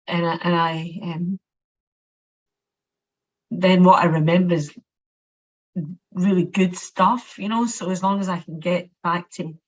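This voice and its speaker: A Scottish woman sharing personal reflections, halting and often repeating her words. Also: fairly low pitch. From Scotland. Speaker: workshop participant. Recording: muffled lo-fi audio.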